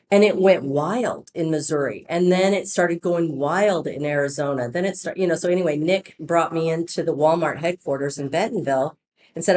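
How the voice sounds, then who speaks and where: A woman founder telling her business story in a casual podcast interview, chatty and animated, acting out quoted dialogue. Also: low-pitched.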